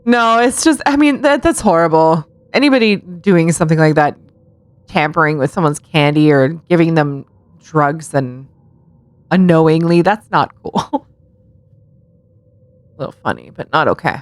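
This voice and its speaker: Giggly low-voiced woman podcaster. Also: unhurried, long pauses, dry recording. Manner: giggly, sarcastic storytelling. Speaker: podcast co-host. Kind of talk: casual podcast chat.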